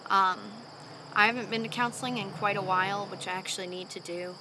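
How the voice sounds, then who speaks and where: A young woman in a candid home vlog, talking earnestly and openly, sighing often as she calms down after a panic attack. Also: medium pitch, fairly quick, noisy background. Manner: earnest and open, with frequent sighs and fillers. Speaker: vlogger. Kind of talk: candid personal talk to camera. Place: at home in the evening.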